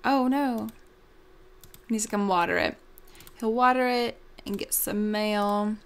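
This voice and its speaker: A woman's voice: mid-range voice, measured pace, clean tone. A young woman hosting a casual gameplay commentary, bubbly and gushing, with lots of ums. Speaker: let's play host.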